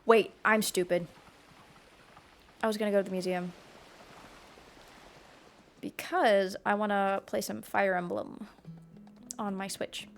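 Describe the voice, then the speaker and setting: A woman's voice: mid-range voice, steady tone, takes it slowly, pauses often. Chatty young woman streaming with music. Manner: chatty, rambling, easily sidetracked. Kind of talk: casual live-stream chat.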